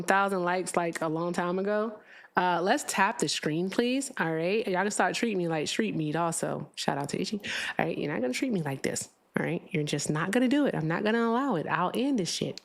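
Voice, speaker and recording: A woman's voice: medium pitch, gravelly. A young woman hosting a livestream, chatting bluntly and laughing often with her audience. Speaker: livestream host. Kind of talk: casual livestream chat.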